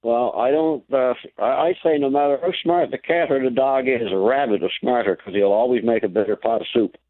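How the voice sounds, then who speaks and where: A man's voice: mid-range voice, brisk, no room sound. A man with a Newfoundland accent calling in to a radio show, joking in a dry way. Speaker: caller. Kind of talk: phone-in chat. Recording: tinny phone line.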